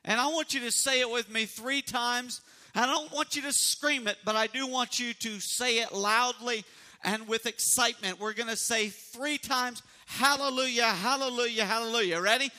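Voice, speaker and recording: A man's voice: very high-pitched, moderate pace, bright, forceful tone. A man pastor preaching a sermon and leading his congregation in call-and-response. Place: church sanctuary.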